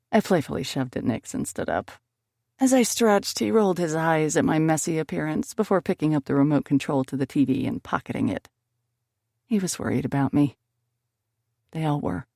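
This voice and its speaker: Gravelly woman reading a romance novel. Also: low voice, normal speed, dark tone, no echo, studio quality. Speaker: audiobook narrator. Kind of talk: first-person romance audiobook narration.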